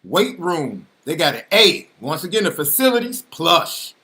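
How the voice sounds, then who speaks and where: Male sports podcast co-host; playful, talkative, bright tone. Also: a little high, measured pace. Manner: animated, teasing, laughs often, repeats himself. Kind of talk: casual sports banter.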